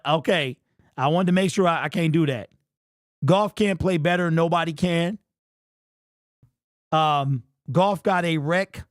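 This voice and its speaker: Excitable high-voiced man hosting a livestream. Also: no echo, clean studio sound. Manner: excitable, slangy, talks straight to the chat with lots of "bro". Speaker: livestream postgame show host. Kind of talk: casual livestream chat reacting to viewers.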